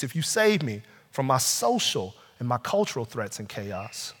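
A man preaching a sermon, rising to loud urgent pleas and dropping to slow, hushed passages. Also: medium pitch, expressive. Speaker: pastor. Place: church sanctuary. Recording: long hall reverb.

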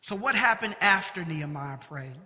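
A male pastor with a fairly high, very bright and forceful voice, preaching earnestly and stressing key words. His voice rings out with a long reverb in a church sanctuary. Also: lively intonation, normal speed. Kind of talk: sermon. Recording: long reverb of a large hall.

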